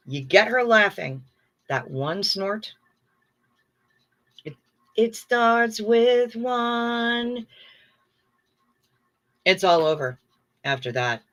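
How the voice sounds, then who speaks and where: This middle-aged woman's voice sits low yet has a fairly bright tone. Hosting a casual livestream, she gushes and chats while reading out comments from viewers.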